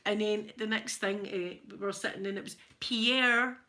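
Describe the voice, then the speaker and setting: A Scottish woman with a Glaswegian accent, chatting casually to her viewers. She tells funny stories, laughs a lot, and her throat is a little hoarse. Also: mid-range voice, flat delivery, fairly quick. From Scotland. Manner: chatty storyteller, laughs often, mimics voices. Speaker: ASMR channel host.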